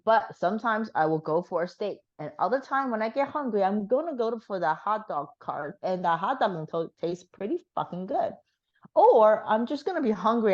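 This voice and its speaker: Hoarse-ish woman guest, low voice, blunt casual chat, lots of um and like. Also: muffled recording. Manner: frank, chatty, heavy on fillers. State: slightly hoarse.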